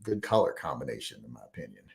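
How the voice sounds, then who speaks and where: A man with a very deep, slightly mellow voice hosts a casual live chat, speaking fast in a sing-song way. He reads viewer comments aloud and rambles between them, full of fillers and throat clearing.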